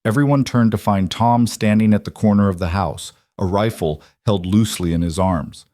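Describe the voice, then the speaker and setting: Man narrating a western audiobook, lowish voice, dramatic, dry sound. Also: darkish tone, no room sound. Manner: brisk, dramatic storytelling.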